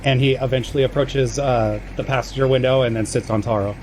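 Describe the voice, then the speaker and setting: A man playing a tabletop game with deadpan, in-character play. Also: medium pitch, quick pace, heavy background noise. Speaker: player.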